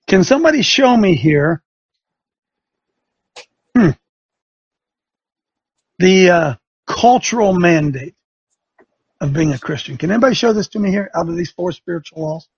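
A man's voice: high voice, husky, no echo, muffled recording. A man hosting a religious talk show, preaching with sarcasm and rising fire. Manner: fiery, sarcastic, rising to shouts.

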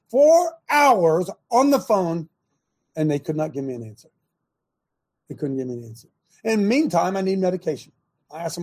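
A man's voice: fairly high pitch, expressive, moderate pace, a little mellow. An older man hosting a talk show, speaking emphatically, repeating himself and laughing in disbelief. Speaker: host. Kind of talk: talk radio commentary.

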